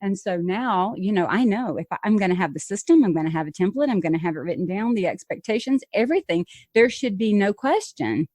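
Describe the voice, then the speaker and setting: A woman's voice: medium pitch, expressive, brisk, few pauses, a little mellow, no room sound. A woman hosting a podcast interview, talking in an earnest, emphatic, conversational way. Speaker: podcast host.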